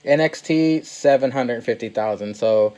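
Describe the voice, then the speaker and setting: A man's voice: medium pitch, measured pace, dark tone. Man chatting casually about wrestling. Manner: laughs often, swears, acts out quotes. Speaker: podcast host.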